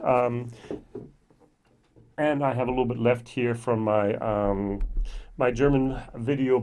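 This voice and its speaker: A man's voice: mid-range voice, a little mellow. A middle-aged man giving a casual whisky tasting review to camera, chatty and thinking aloud with lots of ums and self-corrections.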